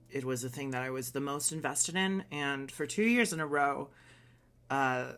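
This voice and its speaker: A man's voice: mid-range voice, fairly bright tone. A man giving blunt, sarcastic opinions in a casual reaction vlog, swearing casually. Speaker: vlogger.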